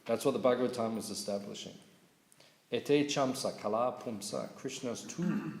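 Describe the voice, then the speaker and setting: A man giving a morning scripture class at a temple, telling stories lively and checking in with his listeners. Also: mid-range voice, moderate pace, vocal fry. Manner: lively storyteller, asks audience questions, laughs. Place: temple hall. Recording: echoey hall recording.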